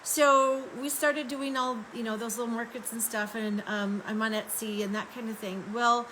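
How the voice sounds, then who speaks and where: A woman from Arizona chats casually on a live stream, showing off her home craft room. She's upbeat and friendly, greets viewers by name, and laughs often. Her voice sits on the high side with a bright, forceful tone, fairly even intonation, and normal speed, over poor audio with slight background noise.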